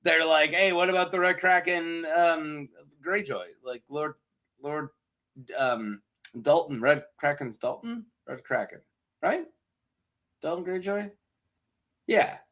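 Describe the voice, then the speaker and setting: A man's voice: fairly high pitch, fairly bright tone. A man giving a casual scripted episode recap, often laughing and briefly acting out characters' lines. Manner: giggly, acts out characters in quick voices. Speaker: podcast reviewer.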